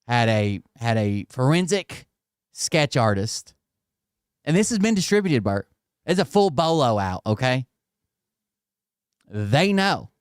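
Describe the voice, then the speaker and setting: A man's voice: medium pitch, sing-song, slow pace, pauses often, clean tone, dry recording, clean studio sound. A man hosting a reaction commentary, talking casually and mocking the clips he plays with sarcasm and swearing. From Tennessee. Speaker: commentary channel host.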